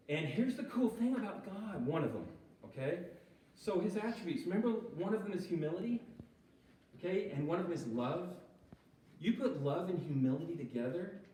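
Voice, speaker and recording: This man speaks on the high side with a dark tone, giving an informal sermon to a church recovery group. He talks conversationally and keeps checking in with his listeners, recorded in an echoey church hall with the mic set far off.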